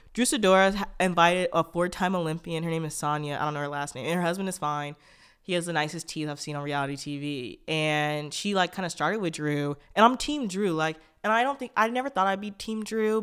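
A podcast host ranting in a blunt, profane way, jumping fast between tangents, stuffy-nosed from allergies. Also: mid-range voice, a bit bright, clean tone. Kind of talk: casual solo podcast rant.

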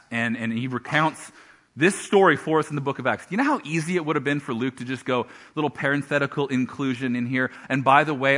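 A male pastor preaching a sermon, telling a Bible story with animated storytelling and acted-out voices. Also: mid-range voice, slightly rough.

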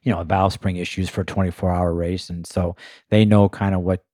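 A man who drives race cars, casually telling a lively story in his own voice and filling it with "you know" and "uh". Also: low-pitched, a little fast, no room sound, studio quality. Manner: animated anecdote-telling with frequent fillers. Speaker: race car driver guest.

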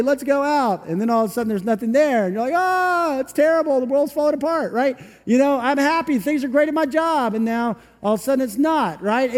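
A man preaching a sermon in a chatty way, acting out little voices and whooping now and then. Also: very high voice. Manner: conversational, acts out little voices, shouts of "woo". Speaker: pastor. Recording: long reverb from a large room.

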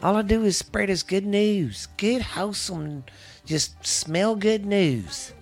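A man's voice: high-pitched, takes it slowly, faint music behind. A man from Texas hosting a casual podcast, rambling, swearing and restarting sentences. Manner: rambling, profane, restarts often. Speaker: podcast host.

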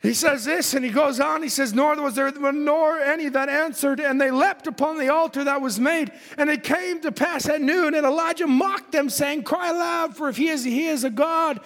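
A man delivers a fervent sermon in a very high voice, reading scripture and breaking into shouts. His voice rings with a long reverb, as if in a large hall. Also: normal speed, hardly any pauses. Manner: fervent, reads scripture aloud, shouts at peaks. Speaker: preacher.

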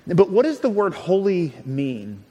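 A man's voice: sits high, huge pitch swings, unhurried, mellow, husky. A man preaching a sermon in an earnest, conversational way, often restarting and repeating words. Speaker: pastor. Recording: long hall reverb.

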